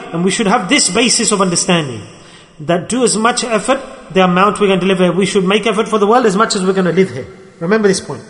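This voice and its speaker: A high, slightly bright voice carries through an echoey hall as a man gives a sermon. He's a religious teacher, earnest and emphatic, stressing and repeating his key phrases.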